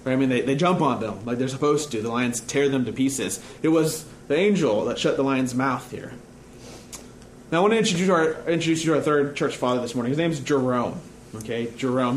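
A fairly high-voiced man gives a casual, conversational sermon, often checking in by asking "right?". He is recorded in an echoey room with faint background noise. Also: normal speed. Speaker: preacher and teacher.

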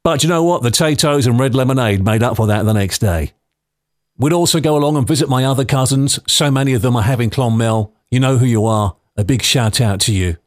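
A man's voice: medium pitch, brisk, no room sound, studio quality. A man in his fifties from London hosting a podcast, telling personal stories in a chatty, nostalgic way. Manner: chatty, nostalgic, anecdotal with light laughs. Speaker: podcast host.

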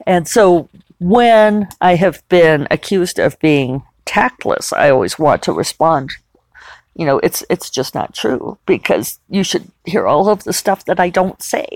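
A woman's voice: sits low, no echo. A woman hosting a podcast, talking candidly in a chatty personal monologue with frequent restarts and laughs. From Western United States. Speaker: podcast host.

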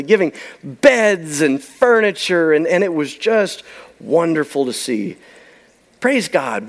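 A man preaching a sermon, telling a story with emphasis and letting key lines trail off to a near-whisper. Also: fairly high pitch. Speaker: pastor.

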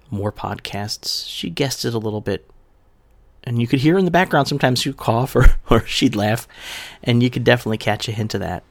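A man's voice: fairly low pitch, gravelly, a bit bright, dry recording. Emotional man delivering a heartfelt eulogy. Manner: emotional, heartfelt, voice rising and falling with feeling. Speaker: podcast host. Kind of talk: reading a eulogy, then casual podcast talk.

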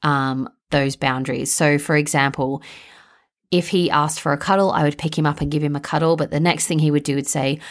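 Low-voiced, chatty young woman. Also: fairly even intonation, a little fast. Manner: chatty, filler-heavy, with frequent "like" and "um". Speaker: podcast host and parent. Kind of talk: casual solo podcast chat.

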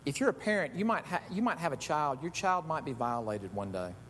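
A middle-aged man preaching a sermon, telling stories with animated delivery that swings from quiet asides to loud shouts. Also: brisk. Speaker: pastor. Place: church sanctuary. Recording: echoey hall with faint rumble.

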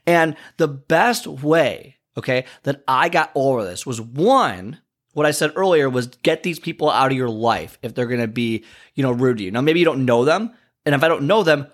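A man hosting a fitness podcast, giving a casual motivational talk full of fillers and restarts. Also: mid-range voice. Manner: conversational, many fillers and restarts.

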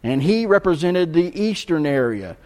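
A man preaching a sermon, telling a story and swinging between loud stretches and hushed ones. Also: a little high, very animated, normal speed. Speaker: pastor.

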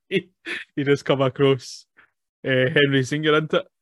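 A man's voice: mid-range voice, flat delivery, a little slow, fairly bright tone, no echo, studio quality. A man, chatting casually about a film, laughing often as he recaps scenes. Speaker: podcast co-host.

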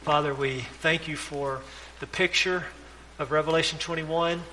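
A man preaching a sermon in a church with a high, bright, forceful voice. He pleads and exhorts the congregation with urgent, repeated appeals, and the long hall reverb rings behind every phrase. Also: steady tone, measured pace, a little hiss or hum. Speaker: pastor. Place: church sanctuary.

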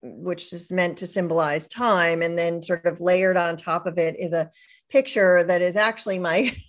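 Speaking at normal speed in a lowish, steady voice, the middle-aged widowed author reflects warmly during a casual interview, restarting sentences often and laughing gently.

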